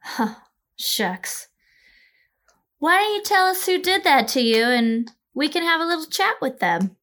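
A woman player with a high, bright voice who teases playfully. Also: big pitch swings, normal speed. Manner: teasing, playful.

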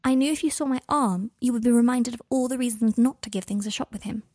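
A woman's voice: fast talker, a little mellow, no echo, studio quality, lightly acted. A woman voicing an earnest, apologetic young woman. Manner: apologetic, pleading, raised pitch.

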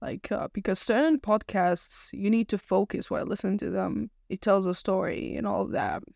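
Rambling young woman with a gravelly edge. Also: mid-range voice, steady tone, moderate pace, a little mellow, no room sound, clean studio sound. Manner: rambling, full of fillers and restarts. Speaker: podcast host. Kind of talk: casual solo podcast chat.

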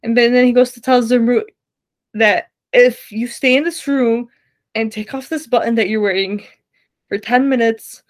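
A woman's voice: a little high, moderate pace. A young woman co-hosting a podcast, giggling as she recaps a show in casual chat and acts out the characters' lines. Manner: giggly, animated storytelling with acted quotes. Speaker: podcast co-host.

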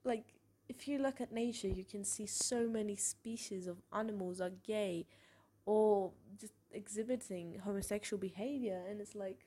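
A young woman speaks in a candid personal monologue, frank and expressive. Her storytelling is casual and outspoken, with the ease of a regular podcast host. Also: medium pitch, normal speed.

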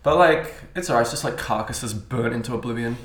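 A young man hosts a casual chat, his voice bright and forward. He tells stories with quick laughs and loud acted-out quotes. The room around him is echoey. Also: mid-range voice. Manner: laughing storyteller, acts out quotes loudly. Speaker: podcast host.

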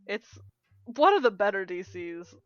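A young woman chats on a podcast at a medium pitch, and her voice comes through a dull, lo-fi recording. She laughs often and swears freely, acting out scenes with animated energy. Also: unhurried, no room sound. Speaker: podcast co-host. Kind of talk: casual chat.

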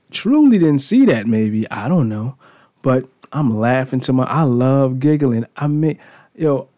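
A man in his thirties hosts his own podcast solo on a studio mic, rambling casually, mocking himself and swearing freely. His voice is mid-range with a dark tone.

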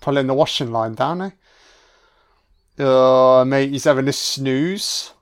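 A man's voice: mid-range voice, takes it slowly. A man giving a casual, wisecracking film commentary on a first watch, swearing freely and talking back at the screen. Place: home recording, voice only.

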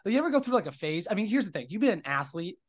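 A man's voice: high voice, very animated, very fast. A man co-hosting a podcast, chatting casually, stammering into restarts and swearing freely. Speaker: podcast co-host. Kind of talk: casual chat.

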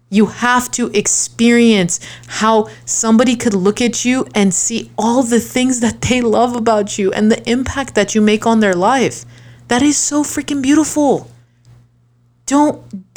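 A woman talking straight to her viewers in an earnest, emphatic motivational monologue, full of rhetorical questions and restarts, slowing down for key lines and rushing through asides. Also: fairly high pitch. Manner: swings between slow deliberate lines and quick asides. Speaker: online creator. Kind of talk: impassioned motivational talk to viewers.

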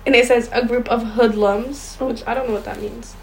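A woman's voice: on the high side, steady tone, moderate pace, gravelly, slight background noise, low-quality recording. A young woman co-hosting a casual chat show, reading ghost stories aloud and stumbling over words now and then. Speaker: podcast co-host.

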